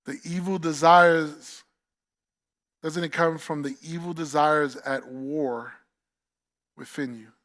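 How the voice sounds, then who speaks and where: A man's voice: fairly high pitch, fairly even intonation, takes it slowly, pauses often, a bit bright. A man with a New York accent preaching a sermon as pastor, emphatic, repeating key phrases and asking the congregation questions.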